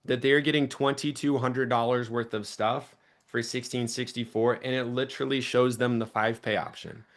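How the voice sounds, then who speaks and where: A young man coaching a sales team in an energetic teaching talk, shifting his pace and volume to stress points. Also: mid-range voice, normal speed. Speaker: sales trainer.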